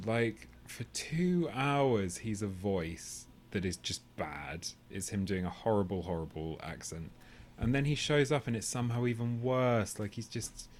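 Rambling low-voiced man, casual podcast chat. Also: slight background noise. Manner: rambling, tangential, swearing. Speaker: podcast co-host.

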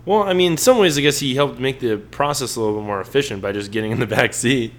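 A man's voice: medium pitch, quick pace. A young adult man co-hosting a casual sports podcast, rambling and joking as he talks straight to his listeners. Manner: rambling, jokey, talks to the audience as folks. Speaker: podcast co-host.

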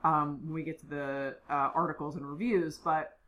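A woman's voice: low-pitched, fairly even intonation, normal speed, fairly bright tone. A woman co-hosting a podcast, chatting casually as she recaps an episode with lots of fillers. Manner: chatty, filler-heavy storytelling. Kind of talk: casual chat.

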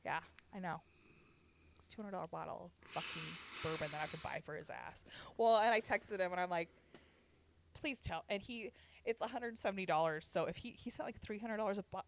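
A woman's voice: on the low side, a little fast, creaky, slight background noise. A young woman co-hosting a podcast, telling stories in casual chat, swearing often and laughing a lot. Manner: profane, laughing storyteller. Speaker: podcast co-host.

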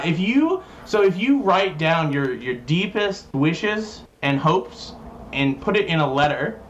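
A man's voice: a little high, a bit bright, slight background noise. Rambling joking man, lo-fi mic. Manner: rambling, joking, lots of fillers. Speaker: podcast host, guest. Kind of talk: casual podcast chat.

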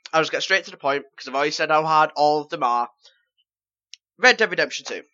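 A man's voice: fairly high pitch, quick pace, bright, forceful tone, highs cut off. A man chatting on a gaming podcast panel, rambling enthusiastically with lots of fillers. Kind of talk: casual podcast chat.

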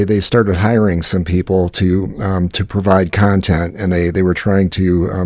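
A middle-aged man with a very deep, gravelly voice chats casually as a podcast co-host. He rambles through a story, full of "uh"s and restarts. The sound is close and dry, with no room echo. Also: darkish tone. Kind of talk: casual chat.

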